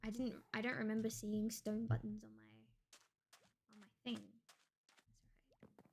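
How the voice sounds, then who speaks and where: A woman's voice: on the high side, level tone, normal speed, gravelly, a little mellow. A woman streamer chatting casually while she plays, thinking aloud and swearing now and then. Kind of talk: casual gameplay stream chat.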